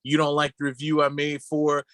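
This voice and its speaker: A man co-hosting a podcast over a video call, casual chat full of crude deadpan jokes. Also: a little high, normal speed, no room sound. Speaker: podcast co-host.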